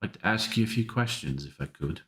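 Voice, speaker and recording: A man's voice: sits low, lively intonation, fast talker, a bit bright. A man putting on a bad English accent to voice a fake, overly formal company caller. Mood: polite. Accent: put-on bad English accent. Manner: overly formal, courteous phone manner. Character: fake polite male company caller named Nigel.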